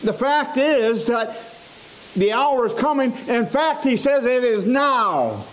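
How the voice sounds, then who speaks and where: A man preaching a sermon in a church, slow and emphatic, repeating phrases for stress. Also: very high-pitched, animated, a little hiss or hum, low-quality recording.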